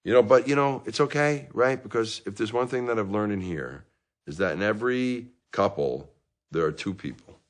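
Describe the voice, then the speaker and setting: An actor playing a middle-aged divorced dad in therapy, rambling and self-justifying in a comic monologue, with bursts of anger. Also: male voice, lowish voice, animated, normal speed, lightly acted. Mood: self-pitying. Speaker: therapy patient.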